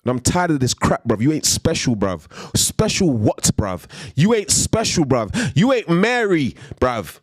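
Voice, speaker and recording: A man's voice: medium pitch, sing-song, unhurried, hardly any pauses, dry recording. A man ranting on a live stream in a heated, emphatic way, repeating slang tags as he goes.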